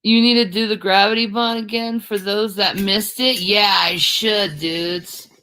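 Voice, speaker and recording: Bright-voiced woman chatting on a livestream. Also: medium pitch, steady tone, a little slow, soft background music. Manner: chatty, talking to viewers while cooking. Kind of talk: casual livestream chat.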